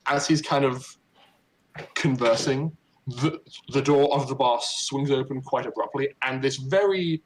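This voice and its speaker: A man's voice: medium pitch, slight background noise, rough recording. A man narrating as game master of a tabletop game, stammering and restarting often. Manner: stammering, many repeated starts.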